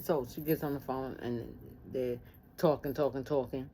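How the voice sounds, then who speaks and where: A woman telling a personal story in casual talk, lively and acting out the voices of family members. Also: extremely low pitch, moderate pace, a little hiss or hum.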